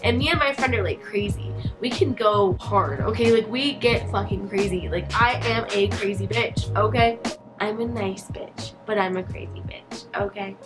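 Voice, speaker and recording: A woman telling a storytime vlog in a chatty, animated, profane way. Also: mid-range voice, normal speed, over music. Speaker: vlogger. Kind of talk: casual storytime.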